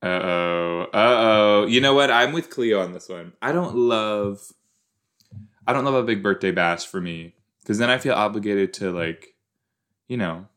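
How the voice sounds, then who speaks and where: A man's voice: on the low side, a bit bright. A man hosting a casual watch-along, chatting through an episode with rambling, self-deprecating asides. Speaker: reaction podcast host. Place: southern Minnesota.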